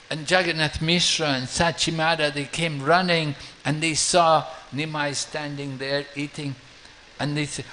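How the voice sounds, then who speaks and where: A man, a monk preacher, narrating a devotional story in a talk, deliberate and with frequent restarts. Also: a little high, steady tone, a bit bright, low-quality recording.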